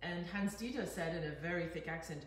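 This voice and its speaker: Low-voiced woman, distant and echoey. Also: brisk. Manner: chatty, tells a comic anecdote. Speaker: co-host. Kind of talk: casual interview chat. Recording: echoey, off-mic, background noise.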